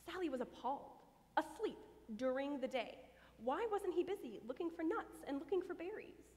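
A woman's voice: high voice, moderate pace. Woman reading a story in a church. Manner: expressive, lively read-aloud. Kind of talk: reading a children's story aloud. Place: church sanctuary. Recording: long church reverb.

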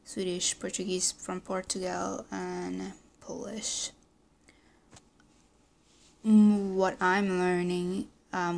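A woman's voice: on the low side, gravelly. A young woman talking casually in a vlog and reading vocabulary aloud, hesitant and full of ums. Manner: slow, hesitant, many ums. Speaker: language learner vlogger.

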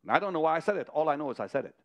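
A man preaching a sermon, telling a vision story with dramatic swings from hushed to loud. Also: a little high, animated, racing. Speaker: televangelist. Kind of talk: sermon to partners.

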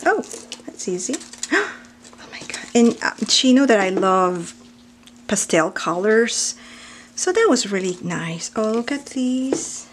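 A woman's voice: mid-range voice, lively intonation, slow, a little hiss or hum. A woman vlogger opening a craft parcel on camera, gushing and gasping, often dropping to a whisper. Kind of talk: unboxing commentary.

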